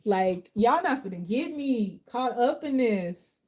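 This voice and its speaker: A woman's voice: on the high side, expressive, slow, a little mellow, slightly rough. A woman who is a tarot reader and life coach, giving a live tarot reading in casual, slangy, heartfelt talk.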